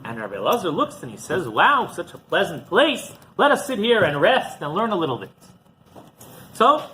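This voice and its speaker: A rabbi with a high, bright voice tells a story to his listeners, and his pitch swings widely as he acts out each exchange. A faint ambience sits behind him. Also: a little hiss or hum, low-quality recording. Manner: animated storyteller, acting out dialogue. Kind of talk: storytelling lesson.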